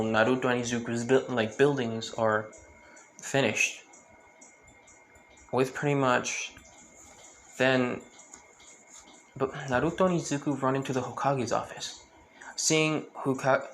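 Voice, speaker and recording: A man narrates an improvised fan story in a mid-pitched voice. He rambles, loops back on himself and fills gaps with fillers, with a faint hiss behind him. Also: flat delivery, moderate pace, pauses often, fairly bright tone, low-quality recording.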